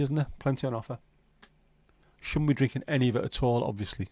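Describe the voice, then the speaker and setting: A man's voice: mid-range voice, brisk, darkish tone, dry recording. A man in his fifties hosting a livestream, chatting in laid-back banter with dry jokes and the odd swear. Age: 50s. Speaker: livestream host. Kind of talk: casual chat.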